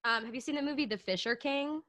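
A woman's voice: high-pitched, fast talker, fairly bright tone, dry recording. A woman who acts, a guest on a podcast, chatting casually in a playful, joking way. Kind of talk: casual chat.

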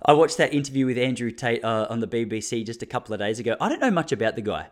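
Rapid-fire and animated, this mid-range male voice belongs to an Australian podcast host in his thirties. Alone on the mic for a casual monologue, he talks intensely and breaks into laughter between his points.

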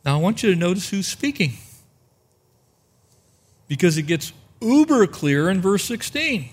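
A man preaching a sermon, reading verses aloud and asking rhetorical questions, slowing down to stress key phrases. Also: sits high, sing-song. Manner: expository preaching, rhetorical questions, slows for emphasis. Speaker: pastor.

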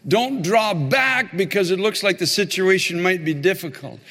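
A male pastor preaching a sermon and telling a story, animated and repeating phrases for emphasis. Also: sits high, moderate pace. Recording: long hall reverb.

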